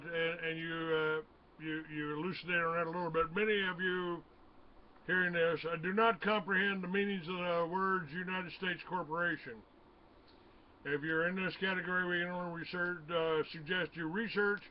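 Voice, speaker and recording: Man, radio host, high voice, halting, filler-heavy, lo-fi hiss. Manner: halting, many fillers, reads then asks questions. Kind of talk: talk radio interview. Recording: dull lo-fi radio audio with faint noise.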